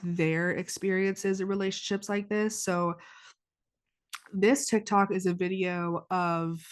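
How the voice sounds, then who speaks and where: A woman's voice: medium pitch, fairly even intonation, slow pace. A twenty-year-old woman hosting a podcast, talking in a rambling, casual confessional way with lots of "like", her nose stuffy after crying. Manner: rambling, heavy use of "like", frequent restarts. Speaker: podcast host. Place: indoors, warm room.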